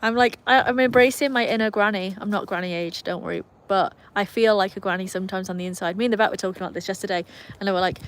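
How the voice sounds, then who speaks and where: A woman's voice: medium pitch, a little hiss or hum. A young British woman hosting a casual live stream from her phone outdoors, chatting and reading viewer comments aloud with a self-mocking manner. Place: outdoors in cold weather with her dogs.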